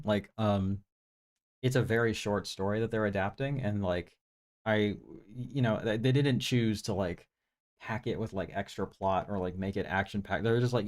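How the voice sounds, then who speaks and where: A man's voice: lowish voice, a little mellow. A man hosting a live stream, casually reviewing movies in a rambling, laid-back way full of fillers. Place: home room with projector.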